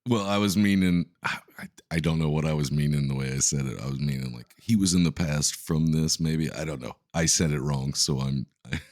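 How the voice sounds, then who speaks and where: A man with an extremely deep voice, co-hosting a casual podcast. He rambles, stumbles and pokes fun at himself, swearing freely. The voice is dry and close, with no room echo. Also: a little fast, darkish tone. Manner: self-deprecating, rambling, profane. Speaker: podcast co-host.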